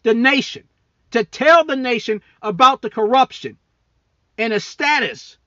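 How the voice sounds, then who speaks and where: A high-voiced, bright-toned man rants heatedly into the mic, cursing often and mocking his targets. His voice sits up high and sounds sharp and forceful. The sound is dry and close, with a dull, lo-fi edge. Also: measured pace, no room sound. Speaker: podcast host; military service member. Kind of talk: angry political rant.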